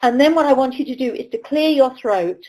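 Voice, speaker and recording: Animated and a little fast, this middle-aged British woman has a high, mellow voice. As a riding coach giving a webinar lecture, she shares anecdotes and acts out quoted voices, all on a rough recording.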